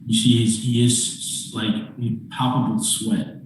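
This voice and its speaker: A man's voice: mid-range voice, flat delivery, slow pace. A man narrating as game master in a casual, filler-heavy way. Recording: very echoey, mic far off.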